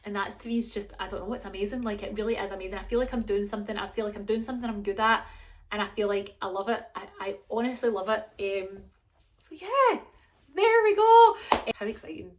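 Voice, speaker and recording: A woman's voice: medium pitch, fairly even intonation, quick pace. A young woman, chatting to camera in a rambling, self-mocking way as a vlogger. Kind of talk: casual chat to camera.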